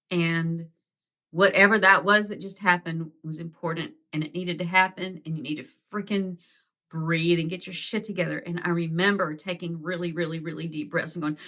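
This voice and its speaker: A woman speaks with a bright, forward tone at an everyday middle pitch. She tells a personal story straight to her viewers, candid and conversational, with casual swearing. She acts out her own quoted words as she goes. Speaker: vlogger.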